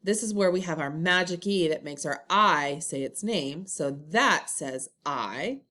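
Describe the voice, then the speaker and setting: A woman teaching a first grade phonics lesson online, in slow, drawn-out, sing-song teacher talk. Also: deep voice, expressive, sharp tone. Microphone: computer recording.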